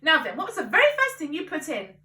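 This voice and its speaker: A boastful, overexcited father , as a woman reads him aloud, cries out every plan in a high, lively voice. He gushes without pausing for breath, all bright energy. The room rings and the voice sounds set back from the mic. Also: full character voice. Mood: eager. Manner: shouting, gushing. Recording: echoey room, voice from a distance.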